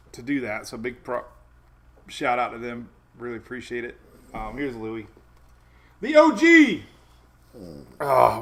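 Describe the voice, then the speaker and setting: Chatty man hosting a livestream. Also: medium pitch. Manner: chatty, laughs often, talks to his dogs. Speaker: host of a weather livestream. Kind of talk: casual livestream chat. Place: home with dogs around.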